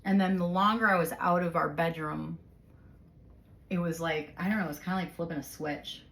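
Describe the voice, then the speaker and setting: A woman's voice: on the low side, steady tone, fairly quick, fairly bright tone. A woman in her forties hosting a conversation with her husband, explaining things casually with vivid everyday examples. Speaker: host interviewing her husband.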